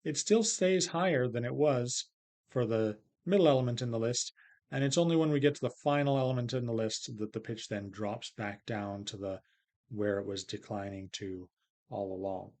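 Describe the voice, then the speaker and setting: A man's voice: mid-range voice, moderate pace, a little mellow. A man giving a recorded lecture in a casual, explanatory way, with frequent fillers and small restarts.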